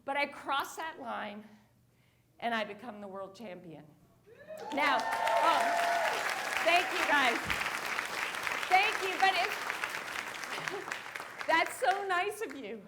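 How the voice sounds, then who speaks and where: A woman's voice: high-pitched, slow, pauses often, a loud crowd, very noisy. A woman giving a keynote talk to a live audience, telling a story and acting out the quotes in it. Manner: animated, acts out quotes in her story. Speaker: motivational speaker. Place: stage before a live audience.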